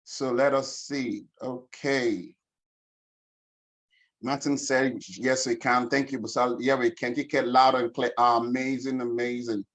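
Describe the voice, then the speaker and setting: A man hosts an online webinar as a financial coach. He talks in an upbeat, chatty way and greets people by name, his voice sitting at an ordinary middle pitch. The sound comes through a video call. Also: little pitch movement, measured pace, a bit bright. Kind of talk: casual online webinar hosting.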